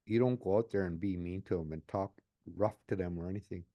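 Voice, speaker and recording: A man's voice: deep voice, quick pace, dark tone. A man in his late sixties talking earnestly in an interview as a community advocate, often repeating his phrases. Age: 60s. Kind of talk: reflective interview talk.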